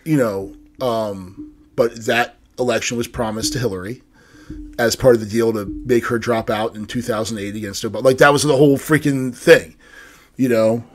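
Easygoing American man, mid-pitched. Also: fairly even intonation, moderate pace, a little hiss or hum. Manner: easygoing, lots of agreeing murmurs. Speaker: podcast co-host. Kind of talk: casual chat.

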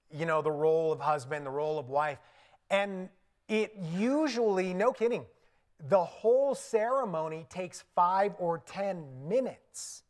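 Animated Indian-accented pastor telling a story. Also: male voice, fairly high pitch. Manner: conversational and animated, often laughing at his own asides. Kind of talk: sermon with personal storytelling. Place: church sanctuary.

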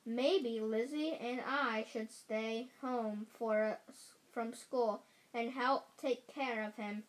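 Earnest young boy, read by a woman, eager and caring, high voice, slow. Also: fairly even intonation.

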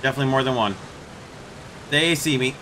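A man hosting a gaming channel, explaining his match in a relaxed way and then calling out targets to his squad. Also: medium pitch, fairly quick, background noise. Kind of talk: gameplay commentary and squad voice chat.

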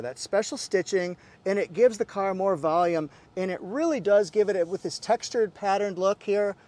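High-voiced, playful man reviewing a car. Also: a little mellow. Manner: upbeat and jokey, with exclamations like "holla".

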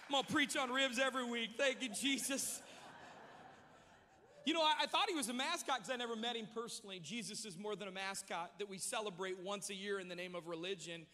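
A man preaching a sermon, telling a humorous story with lively energy in a large church. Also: very high-pitched, normal speed, pauses often, big-room sound, some chatter behind. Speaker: pastor.

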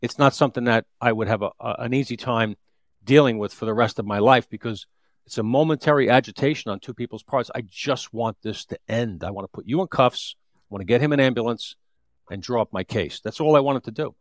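A man's voice: mid-range voice, a little fast, no echo, studio quality. A man in his fifties, a retired police detective, telling a street story in an interview with vivid, repetitive restarts.

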